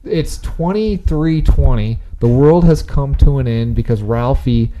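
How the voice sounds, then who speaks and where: A man hosting a casual podcast from a basement, rambling and excitable and often laughing. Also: medium pitch, measured pace, highs cut off. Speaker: podcast host. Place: parents' basement.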